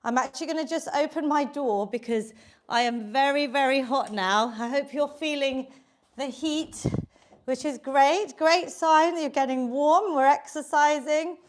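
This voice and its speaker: A woman's voice: high-pitched, unhurried, a little hiss or hum. A British woman leading a live online exercise class, upbeat and encouraging, counting down reps and a little out of breath. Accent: British English. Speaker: fitness instructor. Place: home workout room.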